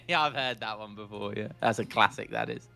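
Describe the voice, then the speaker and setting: A man casting a live strategy game, excitable and joking, with frequent restarts. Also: on the low side, a little fast, gravelly, faint music behind. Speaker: esports caster.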